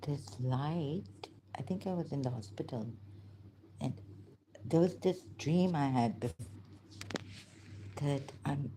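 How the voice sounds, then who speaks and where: A woman talking to herself in a halting, searching monologue, pausing and restarting often and turning emotional at times. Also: sits low, warm tone, a little hiss or hum, poor audio. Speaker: vlogger. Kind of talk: hesitant reflective monologue.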